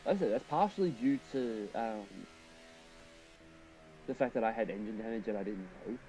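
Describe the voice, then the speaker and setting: A man's voice: on the low side, normal speed, mellow, a little hiss or hum, low-quality recording. A man streaming a racing game, chatting casually and thinking aloud while he drives and answers his viewers.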